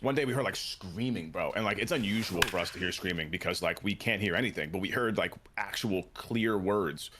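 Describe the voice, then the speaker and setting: A man streaming a baseball game, telling a story in a loose, profane, animated way. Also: fairly quick, hardly any pauses, slight background noise. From New Jersey. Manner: animated, profane, jumps into shrill impressions. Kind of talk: casual live-stream storytelling.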